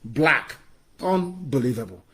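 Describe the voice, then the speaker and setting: A man's voice: mid-range voice, animated, slow pace, sharp tone, breathy edge. A man with a Nigerian English accent giving an impassioned political broadcast, scornful and repeating phrases for emphasis. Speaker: political activist addressing followers.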